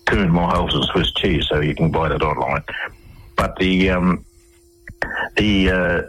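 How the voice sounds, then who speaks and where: A man's voice: deep voice, measured pace, fairly bright tone, slightly rough, rough recording. A man telling long, rambling anecdotes as a guest in a radio interview, often restarting his sentences.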